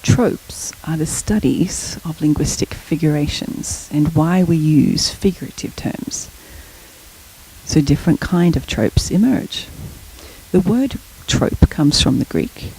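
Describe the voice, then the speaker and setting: Husky-voiced woman giving a lecture. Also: low-pitched, animated, slow pace, mellow, low-quality recording. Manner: explanatory, storytelling. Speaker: guest lecturer. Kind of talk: academic lecture.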